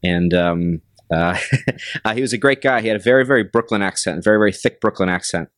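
A restaurant manager in his forties tells stories from his career. His voice sits very low. He speaks in a measured, unhurried way with frequent pauses and fillers, close to a dry microphone. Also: fairly bright tone, no echo. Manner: measured, many ums and pauses. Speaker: restaurant general manager, guest. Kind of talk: casual interview storytelling.

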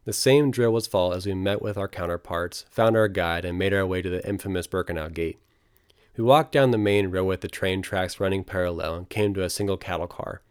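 A man reading his travel memoir aloud as scripted narration, in a quiet, somber storytelling manner. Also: low voice, a little fast, clear, resonant tone, no echo, studio quality.

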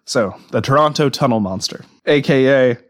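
A man hosting a casual podcast, reading a story aloud with dramatic pauses and laughing often. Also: medium pitch, fairly bright tone, no echo, studio quality. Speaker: podcast host.

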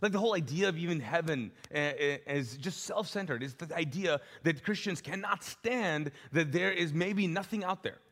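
Male pastor, higher-pitched, lively sermon storyteller, live in a large church hall with long reverb. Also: moderate pace, few pauses. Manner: animated, conversational, acts out dialogue with self-deprecating humor.

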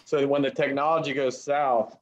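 Man, musician guest, relaxed casual chat, easy laughter, medium pitch. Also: normal speed, muffled recording. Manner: laid-back, laughs easily. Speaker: guest, rock bassist.

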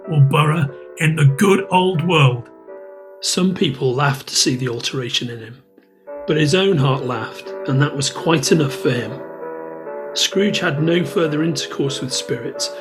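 A man narrating a classic story aloud with a lively, theatrical delivery. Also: on the high side. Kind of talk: expressive storybook reading.

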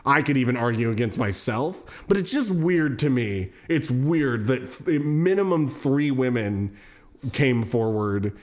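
A man hosting a casual true-crime podcast, telling the case and then giving his opinion in a loose, animated way with swearing. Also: measured pace. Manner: animated, swearing, jumps into high mocking voices. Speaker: podcast host.

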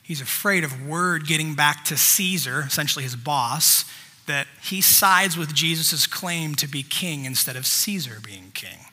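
A man's voice: on the high side, lively intonation, a little slow, bright, forceful tone, slightly rough, in a large hall. A man preaching a sermon, reading scripture aloud and stopping to stress points with emphatic asides. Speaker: pastor.

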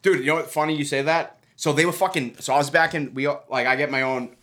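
A man's voice: fairly high pitch, fairly even intonation, fast talker, a bit bright. A man telling a story in casual chat, rambling and swearing, acting out what other people said. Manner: rambling, profane, acts out other people's lines. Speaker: fighter telling a fight story.

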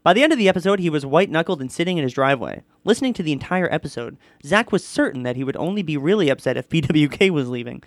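A man co-hosting a podcast, reading a listener's story aloud in an animated way. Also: fairly high pitch, rapid-fire, few pauses, dry recording, studio quality. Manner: animated reading, often breaking into laughter. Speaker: podcast co-host.

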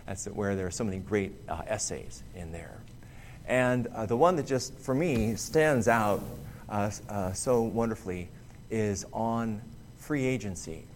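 A man preaching a sermon in an earnest, emphatic way, pausing and restarting often. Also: on the low side, a little mellow, a little hiss or hum.

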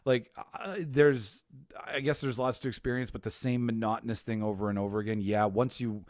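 A man co-hosts a movie-debate podcast, talking loosely with plenty of swearing and restarts. His voice sits low. The recording is dry and close, with no room sound. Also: steady tone, fairly quick, darkish tone, no echo. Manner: loose, profane, rambling. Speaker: podcast co-host. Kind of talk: casual debate chat. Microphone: home mic on a video call.

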